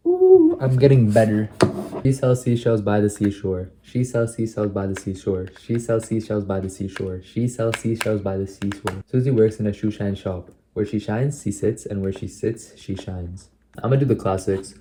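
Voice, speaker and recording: A man's voice: lowish voice, fairly even intonation, moderate pace, noisy background. Young man vlogging casually. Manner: chatty, reciting tongue twisters, tripping and restarting. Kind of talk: casual self-recorded practice vlog.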